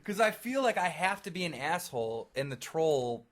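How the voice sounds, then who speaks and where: A man's voice: a little high, moderate pace. A man co-hosting a casual podcast chat, talking bluntly with lots of swearing. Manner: profane, blunt, animated storytelling. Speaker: podcast co-host.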